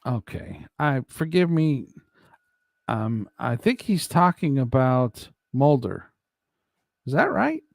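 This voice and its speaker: Chatty stream host, male, gravelly voice with lively ups and downs, jokey and rambling. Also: mid-range voice, slow pace, no room sound, clean studio sound. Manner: rambling, joking, laughs often. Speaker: livestream host reading chat. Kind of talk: casual chat.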